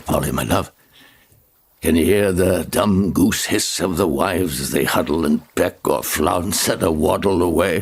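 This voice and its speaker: An older man narrating a radio drama in a lilting, playful and richly expressive way. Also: sits low, gravelly, breathy edge.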